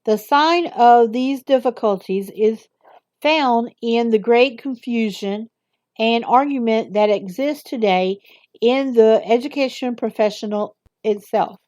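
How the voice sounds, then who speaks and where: A woman reading a text aloud slowly, stumbling over words and breaking off for quick casual asides. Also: on the high side, darkish tone, no room sound. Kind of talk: halting read-aloud with asides.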